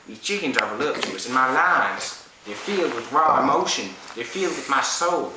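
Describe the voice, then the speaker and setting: A man's voice: mid-range voice, expressive, moderate pace, lightly acted. A man playing a self-important farmer-turned-actor in a comedy sketch interview, with a drawling Southern US accent and a rambling way of talking. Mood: pompous. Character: pompous Southern hick farmer-actor, touchy middle-aged man. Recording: roomy echo, faint hiss.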